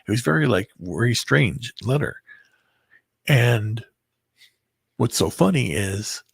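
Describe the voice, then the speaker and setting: Man, husky and gravelly, halting storyteller full of "you know"s, dry close sound. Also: mid-range voice, animated, dry recording. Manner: halting and rambling, heavy filler words, bitter. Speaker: person recounting a breakup. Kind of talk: emotional personal storytelling.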